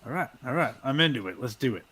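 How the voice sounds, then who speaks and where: A man's voice: medium pitch, animated, quick pace, a bit bright, husky. A man playing a tabletop game, chatting casually and joking with laughter. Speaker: player.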